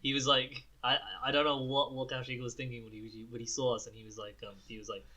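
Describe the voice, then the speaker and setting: A young man co-hosting a casual podcast, telling stories in an animated way, acting out his friends' lines and laughing often. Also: mid-range voice, quick pace. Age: young adult. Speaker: podcast co-host. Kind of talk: casual chat.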